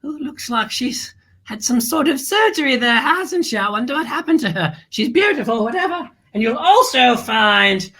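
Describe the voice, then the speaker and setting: Grand gushing lady host, high voice, bright tone, theatrical kids' show. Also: lively intonation, moderate pace, breathy edge, heavily acted. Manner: flamboyant, calls everyone darling.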